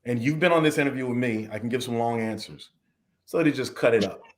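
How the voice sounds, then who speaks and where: This podcast guest, a man from the American South, talks fast in a mid-range voice, with slight background noise present. He vents at length, frustrated, dramatizing the questions he was asked.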